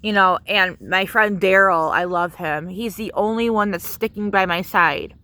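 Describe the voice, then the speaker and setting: Brief: woman vlogger, bright and sharp voice, heated rambling rant with lots of swearing. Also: mid-range voice, measured pace. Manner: angry, profane, many fillers. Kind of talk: casual spoken rant.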